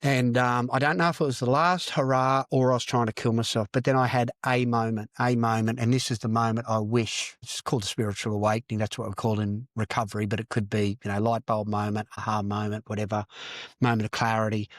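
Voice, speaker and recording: Older aussie bloke, podcast guest, sweary and blunt, says things twice for punch, dead dry mic. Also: male voice, medium pitch, level tone, quick pace, no room sound. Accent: Australian. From Australia. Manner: blunt and profane, repeats phrases for emphasis. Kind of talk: candid storytelling interview.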